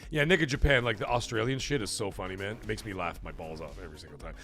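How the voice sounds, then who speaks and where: A man's voice: on the low side, fast, fairly bright tone, faint music behind. A man hosting a casual live stream, chatting with viewers, rambling with many fillers and restarts and swearing freely. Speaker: streamer and show host.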